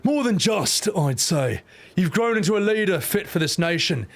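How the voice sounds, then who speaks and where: A man's voice: sits high, big pitch swings, normal speed, vocal fry, faint music behind, voice pushed up, full character voice. A man playing a stately old father figure. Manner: stately tone broken by crude insults. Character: proud older male leader, the heroine's father. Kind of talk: playful dub-over of a game cutscene.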